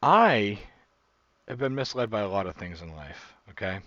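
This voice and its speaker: A man's voice: lowish voice, big pitch swings, moderate pace, a bit bright, no room sound, dull audio. A man from the United States, hosting a casual reaction video with rambling, jokey asides.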